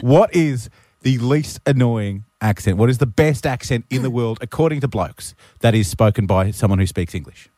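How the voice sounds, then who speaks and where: A man's voice: medium pitch, normal speed, mellow, dry recording. A man hosting breakfast radio, joking and teasing, often laughing, on a studio microphone. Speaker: radio host.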